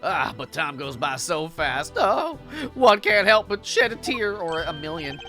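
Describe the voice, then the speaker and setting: Streamer doing a weepy grandfatherly chairman, theatrical and doting, wide-swinging pitch. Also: sing-song, unhurried, sharp tone, faint music behind, exaggerated voice. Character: grandfatherly, overly emotional old chairman, male.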